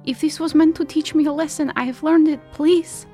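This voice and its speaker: A woman's voice: sits high, normal speed, a little mellow, faint music behind, voice pushed up, natural voice. A woman voicing a frightened young woman pleading with her father, in a tabletop game. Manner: pleading and trembling, later defiant.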